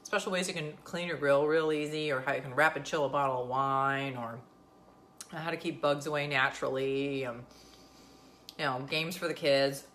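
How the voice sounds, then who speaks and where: A woman's voice: rumbling low, steady tone, moderate pace, fairly bright tone, a little hiss or hum. A woman, talking casually and sarcastically to camera as a vlogger. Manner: chatty, sarcastic, venting.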